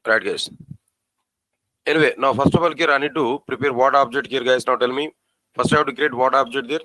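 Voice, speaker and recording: A man teaching a programming class, spelling out code slowly and asking the students questions again and again. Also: medium pitch, pushed and bright, no echo, poor audio. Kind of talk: live coding lesson.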